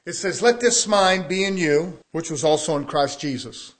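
Casting note: male preacher, high voice, folksy, emphatic delivery. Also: expressive, a little fast, few pauses. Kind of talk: sermon.

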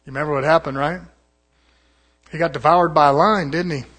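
A man's voice: a little high, steady tone, brisk, a bit bright. A man, a pastor, preaching a folksy, conversational sermon and sometimes mimicking other preachers.

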